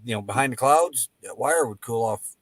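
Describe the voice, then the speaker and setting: Casting note: everyday male voice, mid pitch, folksy storyteller in casual chat. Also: animated, normal speed, no room sound. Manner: folksy storyteller, acts out dialogue.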